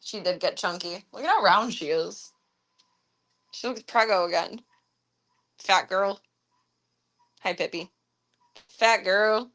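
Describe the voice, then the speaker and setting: A woman streaming from her home, chatting casually and cooing at her cats in a high voice. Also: slow pace, long pauses, fairly bright tone. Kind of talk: casual livestream chat. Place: home with pets.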